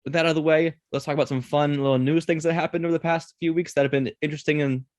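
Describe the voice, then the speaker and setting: Host type: a quick-talking man leading a casual podcast chat, close and dry sound. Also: a little high, steady tone, no echo. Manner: quick, chatty, runs the segments.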